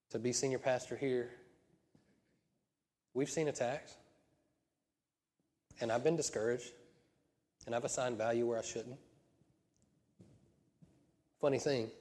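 A male pastor preaches in a church sanctuary with a mellow, darker tone. His talk is conversational and punctuated by emphatic bursts. A long hall reverb trails his words. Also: mid-range voice. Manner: conversational preaching with laughs and rising emphatic peaks. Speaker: senior pastor. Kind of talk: sermon.

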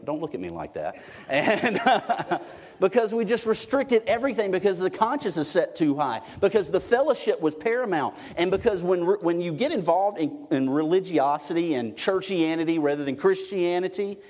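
A man's voice: sits high, sing-song, normal speed, a little mellow. A middle-aged male pastor preaching a sermon in church, conversational and joking, with emphatic stretches. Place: church sanctuary. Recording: long hall reverb.

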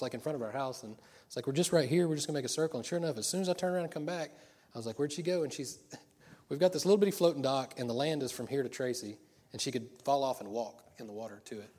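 A man's voice: medium pitch, a little mellow. A middle-aged man preaching a sermon in a chatty, joking way, laughing often. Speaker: pastor.

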